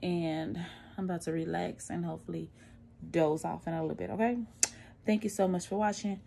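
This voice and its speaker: A woman's voice: fairly low pitch, fairly even intonation, gravelly, mellow, a little hiss or hum. Tired, breathless woman vlogging from home. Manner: chatty, candid, slow and tired. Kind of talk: casual post-surgery recovery vlog.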